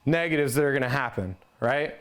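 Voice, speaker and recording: A man's voice: mid-range voice, brisk, slight background noise. A man giving an instructional talk on resiliency, conversational and plain-spoken, checking in with listeners as he explains. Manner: conversational, ends points with "right?". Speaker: resiliency trainer.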